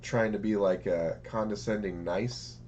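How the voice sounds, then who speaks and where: A man from the United States co-hosting a podcast, talking in a relaxed way with many fillers. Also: on the low side, a little slow, a little hiss or hum. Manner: relaxed, lots of filler words. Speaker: podcast co-host. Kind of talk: casual chat.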